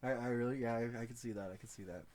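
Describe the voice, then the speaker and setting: A man's voice: mid-range voice, very fast, darkish tone. A young man co-hosting a casual podcast from a bedroom, joking and laughing often. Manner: joking, laughs often, does silly voices. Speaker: podcast co-host. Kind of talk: casual chat.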